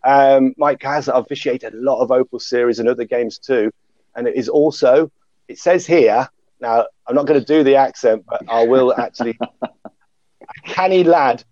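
A man's voice: mid-range voice, steady tone, moderate pace, warm tone, dry recording, muffled recording. A man hosting a casual panel chat, self-deprecating, with many fillers and restarts. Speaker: podcast host.

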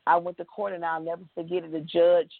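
Over a tinny phone line, a Texan woman being interviewed tells her story emotionally, acting out the quotes. Her voice is fairly low and fast, with vocal fry, little pitch movement, and no echo.

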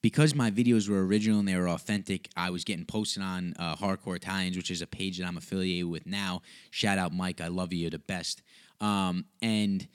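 A man's voice: low voice, fairly even intonation, fairly quick, smooth. A young man hosting a podcast, telling a story in a rambling, casual way, with tangents and swearing. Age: young adult. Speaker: podcast host.

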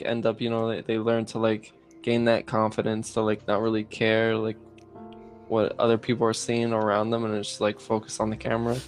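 A young man co-hosting a podcast in casual chat, speaking hesitantly and restarting his phrases. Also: medium pitch. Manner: hesitant, halting, repeats words. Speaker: podcast co-host.

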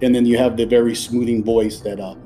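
A man's voice: medium pitch, level tone, a little fast, mellow, faint music behind. A man hosting a podcast in casual, chatty talk, effusive and full of loose restarts. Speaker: podcast host.

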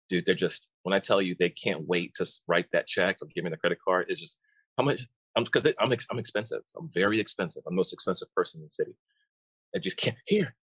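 A coach with a low, somewhat bright, husky voice talks on a casual podcast, recorded with no room sound. He's chatty and talkative, frequently restarting and repeating words.

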